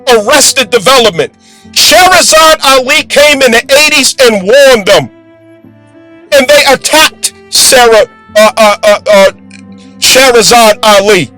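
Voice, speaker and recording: High-voiced man preaching over music. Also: low-quality recording. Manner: forceful, preachy, profane. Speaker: commentator. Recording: music bed under voice.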